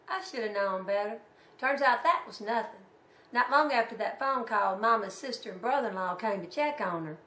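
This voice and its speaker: A hoarse woman with a Southern US accent hosting a radio show and telling wry, folksy family stories. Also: mid-range voice, a bit bright, roomy sound. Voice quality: raspy. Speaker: radio host. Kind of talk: humorous radio storytelling.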